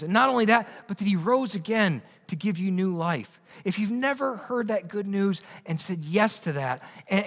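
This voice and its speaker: A male pastor preaching a sermon earnestly, often restarting his words and moving between raised and hushed delivery. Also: high voice, in a large hall. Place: church sanctuary.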